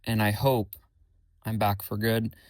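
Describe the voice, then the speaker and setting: Young male podcast host, casual and rambly, flat delivery, dry close-miked sound. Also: fairly low pitch, measured pace, no room sound. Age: young adult. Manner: rambling, self-correcting, says his voice is monotone. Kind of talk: casual solo podcast chat.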